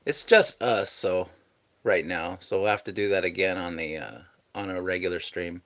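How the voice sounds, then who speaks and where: A man's voice: sits low, normal speed, a bit bright. A man hosting a casual live stream, chatting easygoingly and thanking viewers as he reads out their messages.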